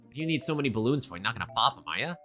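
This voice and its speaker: A woman's voice: very deep voice, sing-song, very fast, fairly bright tone, faint music behind, heavily acted. A woman voicing a slouching, apathetic stoner man of thirty with an offhand drawl. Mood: lazy.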